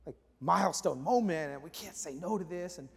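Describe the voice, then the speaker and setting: A man in his thirties, a pastor, giving a sermon in lively storytelling, sometimes dropping to hushed asides. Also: fairly high pitch, brisk, vocal fry, slightly rough. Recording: long hall reverb.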